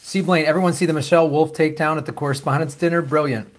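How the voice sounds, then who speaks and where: A man's voice: fairly high pitch, fairly even intonation, very fast. Upbeat man hosting a live stream. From United States. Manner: loose, jokey and profane, with many fillers and trailing asides. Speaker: host of a political show. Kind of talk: live-stream chat, reading viewer comments and questions.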